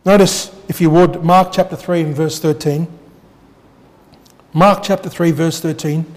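A male pastor preaching a sermon with emphatic swings between loud declarations and quiet asides, often putting rhetorical questions to the congregation. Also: fairly even intonation, measured pace, in a large hall. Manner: emphatic, rising to loud declarations then dropping low.

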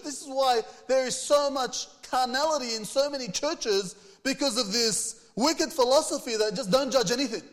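A man's voice: very high-pitched, moderate pace, few pauses, a bit bright, long reverb tail. A man preaching a sermon, reading scripture aloud and putting earnest rhetorical questions to the congregation. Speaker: pastor.

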